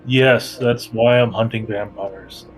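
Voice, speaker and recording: A man's voice: mid-range voice, steady tone, slow pace, soft background music, natural voice. A man voicing a grim, bereaved vampire hunter in a tabletop game, talking in a solemn, dry, fatalistic way.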